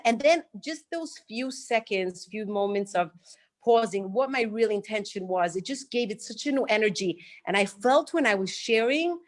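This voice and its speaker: A woman's voice: fairly high pitch, normal speed. A woman student sharing a personal story in a class over a video call, chatty and heartfelt with lots of "like".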